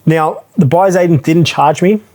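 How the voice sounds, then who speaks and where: A man's voice: fairly high pitch, normal speed, a little mellow. Frank man telling his story. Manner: frank, conversational, full of restarts and asides. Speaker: property advisor telling his own story. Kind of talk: casual talking-head storytelling.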